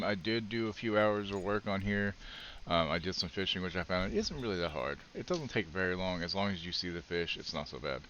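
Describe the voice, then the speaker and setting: A low-voiced man with a forceful, sharp edge to his tone, chatting loosely as he streams a game. He rambles and swears freely. The sound is dull and lo-fi, with a faint hiss underneath. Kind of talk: casual live gameplay chat.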